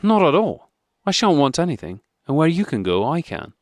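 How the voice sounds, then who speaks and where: A man's voice: a little high, big pitch swings, normal speed, a little mellow, dry recording, voice pushed up. A man voicing an upset, insistent young wife. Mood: indignant. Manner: pleading, indignant. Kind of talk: audiobook character reading.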